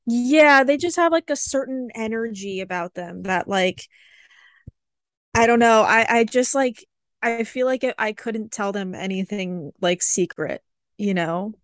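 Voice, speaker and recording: A woman in her twenties, co-hosting a podcast, chatting casually and telling animated stories with lots of fillers. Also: fairly high pitch, measured pace, dry recording, clean studio sound. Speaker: podcast co-host. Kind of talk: casual chat.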